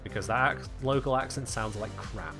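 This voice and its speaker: A man's voice: medium pitch, moderate pace, music in the background. A British man chatting casually with his viewers on a game live stream, answering chat with wry humor. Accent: British English. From United Kingdom.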